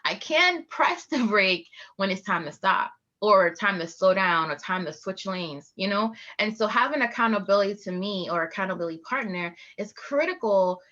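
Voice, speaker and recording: A woman speaking at an online leadership conference, talking in a lively way and laughing often. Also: mid-range voice, normal speed, few pauses, muffled recording. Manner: lively, laughing, animated storytelling. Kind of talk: live online presentation.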